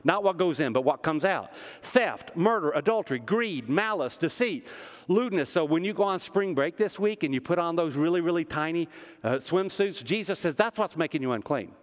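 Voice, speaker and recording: A man's voice: on the high side, lively intonation, moderate pace, long reverb tail. A man from the American South preaching a conversational sermon with joking asides, as pastor. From American South, Tennessee. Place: church auditorium.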